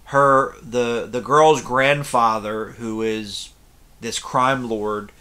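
Man, casual movie review, bright forceful voice, blunt, rambling, tired. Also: mid-range voice, fairly even intonation, very slow. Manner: rambling, blunt, swears casually, many restarts. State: yawning, tired.

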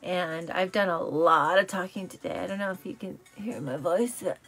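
A woman hosting a casual live stream, chatty and self-correcting, telling corny jokes and riddles, her voice slightly raspy from talking all day. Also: on the low side, moderate pace, a bit bright, soft background music. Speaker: live show host.

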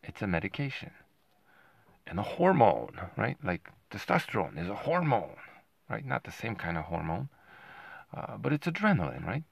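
Male commentator, very deep gravelly voice, combative and sarcastic, dry close sound. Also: wildly swooping pitch, normal speed, dry recording. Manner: combative, sarcastic, keeps asking "right?". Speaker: boxing commentator. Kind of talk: ranting commentary to camera.

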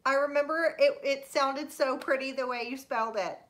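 This Florida livestream host speaks in a high-pitched, somewhat bright voice, a little on the slow side. She greets viewers by name in a casual chat, laughs a lot, and apologizes with self-deprecating humor when she stumbles over names.

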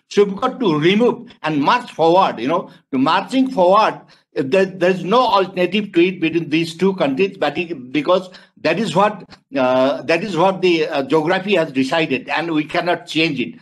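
Male panelist, fairly high pitch, hesitant and searching for words, on a video call. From Nepal. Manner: halting, searching for words, rhetorical questions. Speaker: webinar panelist. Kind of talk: panel discussion remarks.

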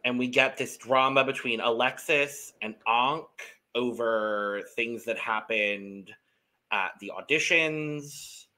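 Casting note: man, podcast co-host, bright tense voice, easygoing recap delivery. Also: medium pitch, slow. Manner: leads the recap, laid-back and wry. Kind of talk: casual reality-show recap chat.

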